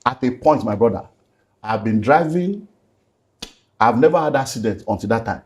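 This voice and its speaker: Earnest Nigerian man, mid-pitched. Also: lively intonation, normal speed, a little mellow. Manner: earnest, slips into Nigerian Pidgin. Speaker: pastor and guest. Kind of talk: emotional personal testimony.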